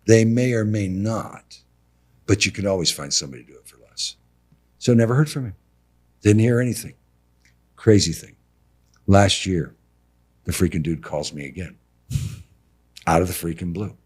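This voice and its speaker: A man's voice: low-pitched, normal speed, long pauses, slightly rough. A middle-aged man, a contractor on a podcast, telling stories casually and acting out both sides of conversations with slangy asides. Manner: animated, acts out dialogue, slangy with "bro" and "dude". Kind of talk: casual storytelling interview.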